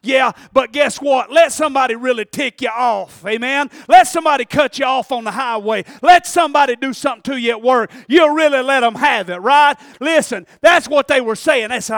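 Male preacher, very high, bright voice, animated sermon, calls for amens, shouts and drops quiet. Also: brisk, few pauses, no echo, clean studio sound. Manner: animated, call-and-response, shouting then dropping quiet. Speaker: pastor.

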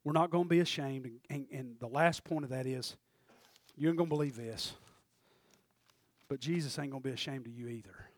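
A middle-aged man preaching a sermon. He calls out for amens and builds up to shouting. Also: brisk, pauses often, no echo. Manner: shouts and climbs in pitch at peaks, calls for amens.

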